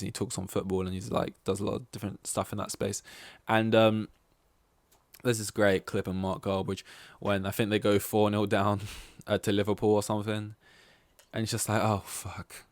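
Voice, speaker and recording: A man chatting alone on his own podcast in a loose, rambling way, swearing casually and losing his thread now and then. His voice sits a little low. The sound is dry and close, with no room around it. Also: no echo. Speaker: podcast host. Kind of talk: casual solo podcast chat.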